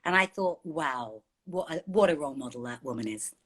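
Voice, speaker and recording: A middle-aged woman, an author guest, telling stories in an animated, chatty way on a video call. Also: low voice, fairly quick, breathy edge. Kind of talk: casual online interview.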